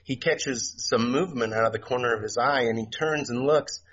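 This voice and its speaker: A middle-aged man telling stories as a podcast guest, soft-spoken and halting, with many fillers and restarts. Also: medium pitch. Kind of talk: casual storytelling interview. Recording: dull lo-fi remote audio, faint noise.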